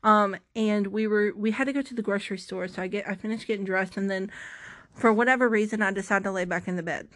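A woman's voice: mid-range voice, quick pace, a bit bright. A young woman vlogger telling a story to camera in a casual, rambling, self-mocking way, full of dramatic asides and restarts.

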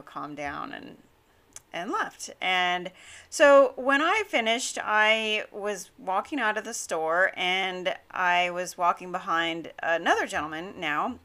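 A woman's voice: medium pitch, sharp tone. A woman hosting her own podcast, telling a story in a chatty way with frequent laughs and fillers. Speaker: podcast host. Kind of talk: casual storytelling monologue; scripted show intro.

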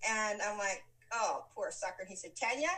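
Picked up from a distant mic, a woman's medium-pitched voice moves at a normal pace as she shares a personal story in a relaxed conversation. The guest is lively, laughing frequently and performing the quoted lines of the people involved.

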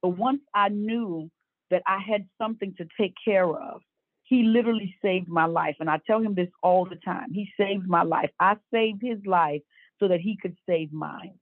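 A woman's voice: medium pitch, normal speed, no room sound. A woman in her fifties giving an earnest personal faith testimony as a guest, acting out the voices she quotes. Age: 50s. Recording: dry, tinny phone-like line.

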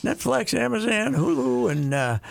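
A man's voice: very high-pitched, sing-song, normal speed, creaky. An older man chatting casually as co-host, rambling with frequent restarts. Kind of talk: casual chat.

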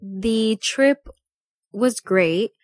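A woman's voice: a little high, drawn-out words, dry recording, studio quality. A young woman co-hosting a podcast, chatting casually and telling stories with lots of fillers. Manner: chatty storyteller, many fillers like "like" and "um". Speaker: podcast co-host. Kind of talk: casual chat.

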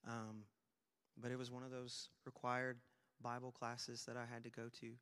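Lively young preacher in an echoing hall. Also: male voice, medium pitch, moderate pace. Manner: lively, self-deprecating storytelling with sudden loud emphasis. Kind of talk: sermon. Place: church sanctuary. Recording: long hall reverb.

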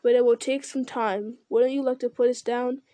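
A woman's voice: fairly high pitch, fairly even intonation, moderate pace, dark tone, no room sound, close to an everyday voice. A woman reading aloud and voicing a polite, earnest young male hobbit who asks careful questions.

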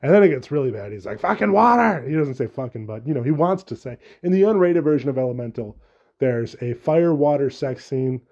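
A man's voice: medium pitch, expressive, fairly quick, dark tone, lo-fi sound. A young man hosting a solo podcast, rambling and joking casually with frequent swearing. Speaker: podcast host.

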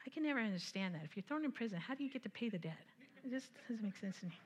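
A woman preaching a conversational sermon, retelling scripture with lively asides and frequent laughter. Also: fairly high pitch, rapid-fire.

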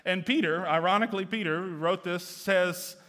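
Bright, high-voiced impassioned preacher man. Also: normal speed. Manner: earnest, builds to impassioned near-shouting. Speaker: pastor. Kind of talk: sermon.

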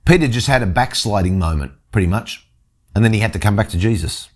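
Fast and fairly low-pitched, with lively intonation, a man who teaches the Bible reads from scripture and then earnestly explains it, breaking off and beginning his sentences again often.

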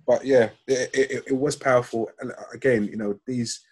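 A man talking casually on a podcast, halting and often repeating words. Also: mid-range voice, fairly even intonation, a little mellow, slightly rough.

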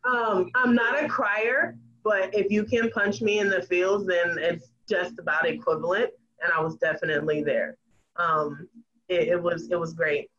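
A podcast guest chatting casually and earnestly, pausing with fillers. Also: mid-range voice, fairly even intonation, sharp tone. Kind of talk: casual chat. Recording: muffled lo-fi audio with faint noise.

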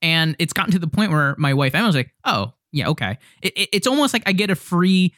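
A young man co-hosting a podcast, telling stories in an animated way and acting out other people's lines. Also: high-pitched, quick pace, dry recording, studio quality. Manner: animated storyteller, acts out friends' voices. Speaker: podcast co-host. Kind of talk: casual podcast chat.

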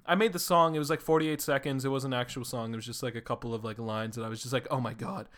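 A young man hosting a solo podcast who talks in an excited, rambling way, swears freely and fills his talk with "like". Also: medium pitch, rapid-fire. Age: young adult. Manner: excitable, rambling, swears a lot, says "like" often. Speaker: podcast host. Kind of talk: casual solo podcast monologue.

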